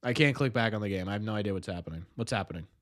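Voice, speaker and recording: A young man hosting a live watch party, joking and bantering with his chat in a self-mocking, excitable way. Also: lowish voice, racing. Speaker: livestream host.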